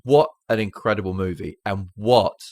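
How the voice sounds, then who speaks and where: Low-voiced man chatting films. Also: moderate pace, darkish tone, no room sound, clean studio sound. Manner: chatty, retells scenes with acted-out quotes. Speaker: podcast co-host. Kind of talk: casual film-review chat.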